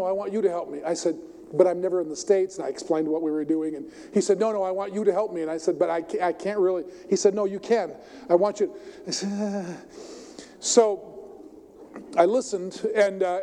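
An older man preaching a sermon, telling stories emphatically and swinging his voice between loud and soft. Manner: storytelling, emphatic, varies pitch and volume widely. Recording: long hall reverb.

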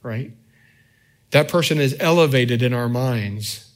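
A man preaching a sermon in a conversational way, often checking in with the congregation with quick asides. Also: medium pitch. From United States. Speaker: pastor.

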